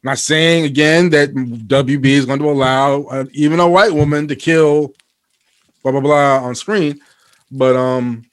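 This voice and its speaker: A man co-hosting a podcast, talking in a loose, rambling way full of fillers and restarts. He gets animated and swears freely when he is worked up. His voice sits a bit higher than most men's. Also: measured pace, smooth. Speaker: podcast co-host. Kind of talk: casual chat.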